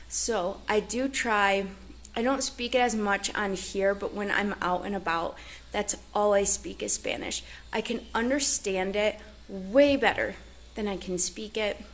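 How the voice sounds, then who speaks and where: A woman's voice: medium pitch, slight background noise. A woman vlogging casually on her ranch, talking earnestly and chattily with lots of fillers. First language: English. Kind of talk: casual chat to camera. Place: ranch in Mexico.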